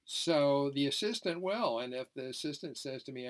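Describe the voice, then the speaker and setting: A man's voice: medium pitch, moderate pace. A man, a dentist, giving a lecture as folksy stories with frequent fillers. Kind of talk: anecdotal lecture presentation.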